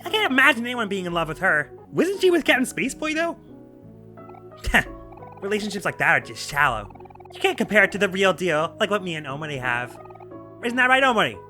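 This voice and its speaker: A man's voice: high-pitched, wildly swooping pitch, a little fast, bright, forceful tone, faint music behind, voice pushed up, heavily acted. A man voicing a jealous, snippy teenage girl in a video game, snide and boastful.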